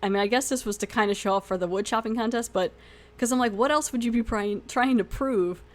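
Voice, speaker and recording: A woman's voice: a little high, fairly quick. A young woman hosting a podcast who animatedly retells a TV episode, acting out the lines and often laughing. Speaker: podcast host. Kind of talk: casual episode recap review.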